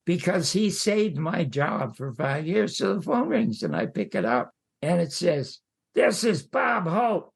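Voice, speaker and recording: Older man telling a lively showbiz anecdote. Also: on the high side, unhurried, creaky, breathy edge. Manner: animated, acting out the voices of the people he quotes. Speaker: podcast guest. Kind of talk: anecdotal storytelling.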